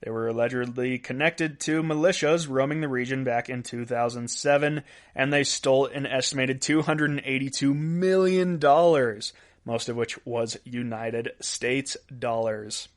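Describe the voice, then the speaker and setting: A man's voice: mid-range voice, fairly even intonation, moderate pace. A man hosting a solo weird-news podcast, counting down a list and laughing at his own asides. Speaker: podcast host.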